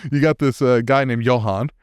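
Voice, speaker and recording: A man's voice: mid-range voice, unhurried, clean tone. A man co-hosting a podcast, casually retelling a comic story, laughing often as he quotes the characters. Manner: laughs often while retelling, mimics characters' lines loosely. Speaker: podcast co-host.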